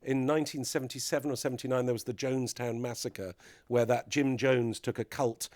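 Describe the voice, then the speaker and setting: A man's voice: mid-range voice, steady tone, a little fast, a little mellow, dry recording. A middle-aged man, a podcast guest, telling mischievous stories in casual chat and laughing often.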